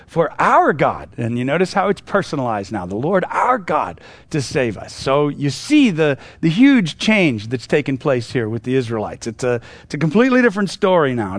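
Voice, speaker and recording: A man's voice: a little high, no room sound. A man teaching through a Bible passage in a casual, conversational way, with lots of asides and restarts.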